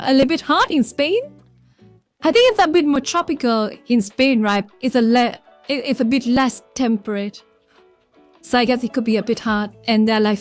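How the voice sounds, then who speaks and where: A woman with a Vietnamese accent chatting casually on a livestream, rambling and greeting viewers from chat by name. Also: on the high side. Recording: faint background music.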